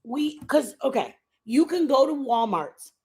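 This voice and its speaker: A woman's voice: sits high, lively intonation, measured pace, warm tone, slight background noise. A woman in her fifties from the United States, chatting casually and rambling to her viewers on a live stream. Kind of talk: casual chat.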